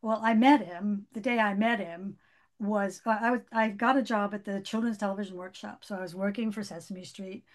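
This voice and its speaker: An older woman speaks as a guest, telling her story in a relaxed, stop-start manner. She circles back, restarts sentences and fills pauses. Her voice sits at an ordinary middle pitch for a woman. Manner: halting, with many restarts and fillers. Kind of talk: conversational storytelling.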